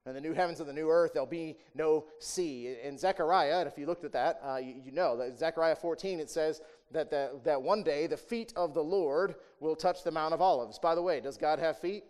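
Speaking a little fast with few pauses, a fairly high-pitched pastor delivers a conversational sermon. He throws in rhetorical questions and "right?" at line ends, alternating emphatic raised passages with quiet asides.

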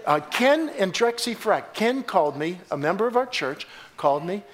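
A man preaching a sermon as pastor, emphatic and storytelling, swinging from loud exclamations to hushed asides. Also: high-pitched, very animated, normal speed. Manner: storytelling with repeated words and restarts.

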